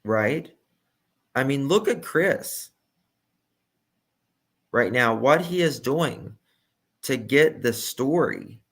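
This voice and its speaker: Slow-talking male true crime commentator. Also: medium pitch, animated, vocal fry, slightly rough. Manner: emphatic, repeats key words.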